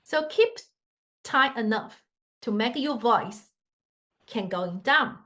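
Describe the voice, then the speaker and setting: A woman's voice: fairly high pitch, animated, fairly bright tone, lo-fi sound. A woman teaching Mandarin tones to learners, patient and demonstrative, with slightly English. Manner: slow, patient, demonstrative, non-native English grammar. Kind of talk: tone pronunciation lesson.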